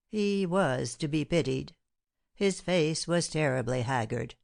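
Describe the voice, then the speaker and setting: A woman reads a classic novel aloud for an audiobook, her voice sitting notably low. The delivery is measured and steady, scripted narration throughout. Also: vocal fry, no echo, clean studio sound.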